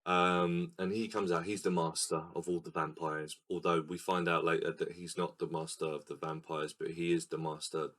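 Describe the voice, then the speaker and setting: A man's voice: deep voice, flat delivery, normal speed, few pauses, fairly bright tone. A man co-hosting a casual film podcast, explaining scenes and acting them out in silly voices. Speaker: podcast co-host. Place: recording room.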